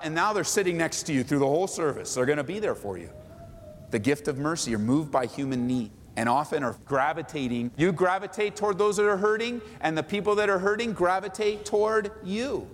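A man's voice: a little high, big-room sound, slight background noise. A man pastor teaching a Bible study sermon in a church sanctuary, earnest, repeating phrases and stretching out key words.

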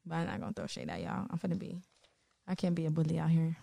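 A woman's voice: low-pitched, big pitch swings, quick pace, gravelly, mellow. A young woman co-hosting a podcast in casual chat, playful and slangy, laughing often. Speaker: podcast co-host.

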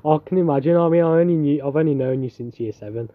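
A man's voice: on the high side, quick pace. A young man chatting casually, laid-back and slangy, with a teasing edge. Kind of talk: casual chat. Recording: tinny phone-like sound.

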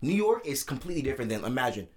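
A man hosts a casual podcast, his voice swinging up and down as he jumps in with slang and loud cheers. A faint hiss of noise runs underneath. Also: mid-range voice, rapid-fire. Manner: excitable, slangy, loud outbursts. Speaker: podcast host.

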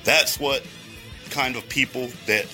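A man's voice: medium pitch, steady tone, a little slow, sharp tone, faint music behind. A man in a rambling, profane monologue, going off on tangents and talking straight to his listeners. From Texas. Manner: heavy swearing, rambling tangents, addresses listeners directly.

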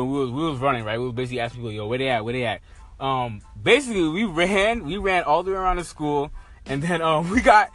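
A young man co-hosting a casual podcast, telling school stories in an animated, slangy way. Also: on the high side. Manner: animated, slangy, laughing storytelling. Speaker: podcast co-host. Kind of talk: casual storytelling chat.

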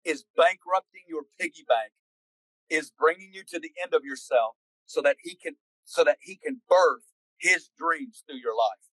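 A man's voice: a little high, animated, moderate pace, fairly bright tone, no room sound, low-quality recording. Fervent man preaching, dry close sound. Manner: impassioned, exhorting. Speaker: guest preacher.

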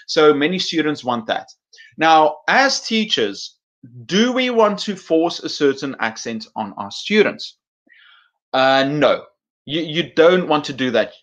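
A man's voice: fairly high pitch, a bit bright, highs cut off. A male teaching-channel host giving casual, thoughtful advice to teachers, with a mixed British and American accent and frequent fillers.

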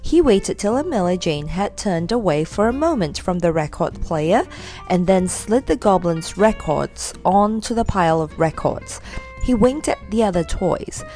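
Lively woman reading a children's story. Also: fairly low pitch, unhurried, soft background music. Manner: lively, expressive.

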